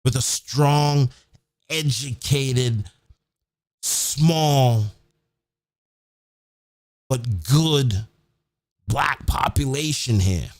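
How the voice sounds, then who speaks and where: A man hosts a live-streamed podcast from a home setup near a big city, ranting in a fired-up, profane way and often ending sentences with "man." His mid-range voice drags out words and pauses often, and he repeats himself emphatically. The recording has no room sound.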